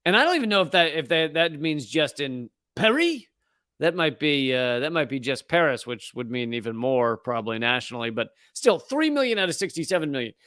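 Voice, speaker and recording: Brisk and sing-song, a slightly bright male voice on the high side comes through with no echo. He is an American comedian hosting his live show, ranting casually and sarcastically about the news, mocking pronunciations, stumbling into restarts and laughing often.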